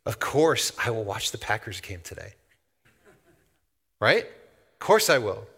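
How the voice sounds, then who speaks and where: A middle-aged male pastor preaching in a church sanctuary, his voice bright and forceful. He talks in a relaxed, conversational way, then rises into loud, emphatic outbursts. A long reverb trails behind every phrase. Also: fairly low pitch, measured pace, gravelly, breathy edge. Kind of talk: sermon.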